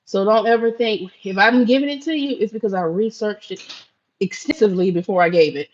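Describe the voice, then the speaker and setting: A woman's voice: medium pitch, brisk, highs cut off. A middle-aged woman from Florida chatting casually with viewers on a live stream while she cooks in her home kitchen. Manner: chatty, addresses viewers as y'all.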